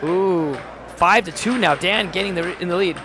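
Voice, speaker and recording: A man doing live-stream sports commentary, calling plays in quick bursts and reading chat aloud with jokes. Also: sits high, background noise. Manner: rapid play-calling, reads chat aloud, jokey. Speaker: play-by-play commentator. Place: home studio.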